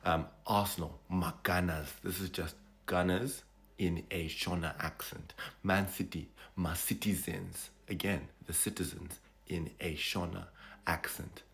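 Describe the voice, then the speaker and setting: A man from Zimbabwe, casually explaining things to his viewers in a relaxed, chatty way. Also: low voice, a little slow, creaky. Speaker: video creator.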